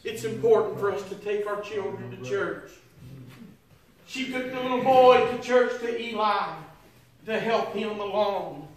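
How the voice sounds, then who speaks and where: A man's voice: high-pitched, a little slow. An older man preaching a sermon in a church, drawing out his words into a chanted, sing-song delivery that rises into song. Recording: echoey hall, voice from far off.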